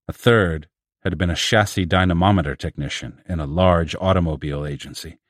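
A man reading a science fiction story aloud in a measured, steady narration. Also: deep voice, no echo, clean studio sound. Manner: steady, measured reading with raised voices for quoted characters. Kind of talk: scripted audiobook narration.

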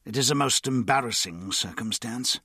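A man voicing an anxious, embarrassed Victorian gentleman in an audiobook, with a halting, pleading manner. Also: creaky, breathy edge, no echo, studio quality, full character voice. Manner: halting, pleading, raised pitch.

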